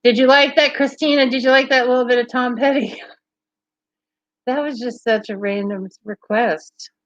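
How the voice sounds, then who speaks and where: This livestream host's voice is a little high and fairly bright, with a steady tone and moderate pace. She chats casually and cheerfully with viewers, laughs frequently and replies to live comments in a bubbly manner. The audio lacks echo but sounds dull.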